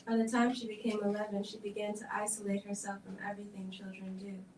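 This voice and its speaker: A woman's voice: medium pitch, completely flat delivery, darkish tone, slight background noise. Woman reading a script in an echoey hall. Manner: measured, level narration. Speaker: reader at a film event. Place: event hall. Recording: echoey room, distant mic.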